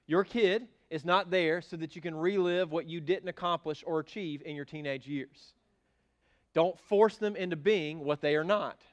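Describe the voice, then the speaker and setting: A middle-aged male pastor preaches in a church with animated, emphatic delivery and a fairly high-pitched voice. He swings from quiet asides to loud bursts as he drives his points home. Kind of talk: sermon. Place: church sanctuary.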